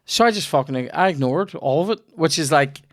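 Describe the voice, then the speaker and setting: A man's voice: fairly high pitch, lively intonation, brisk, no room sound, studio quality. A young man with a Northern Irish accent hosting a chat show, telling rambling, sweary stories in a casual way. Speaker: comedian podcast host.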